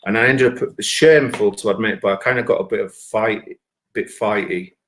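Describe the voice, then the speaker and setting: A man's voice: lowish voice, moderate pace. A man with a Bradford accent telling a rambling, profane comic story from his own life. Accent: Northern English (Bradford). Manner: profane, rambling, excitable anecdote. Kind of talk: stand-up storytelling.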